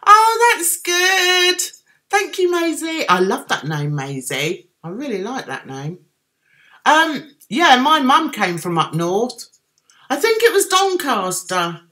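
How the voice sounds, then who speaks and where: A woman's voice: a little high, wildly swooping pitch, unhurried, fairly bright tone. A middle-aged woman with a Cockney accent, casually chatting on a livestream and answering viewers' comments. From London, England. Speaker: livestream host reading chat. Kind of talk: casual chat.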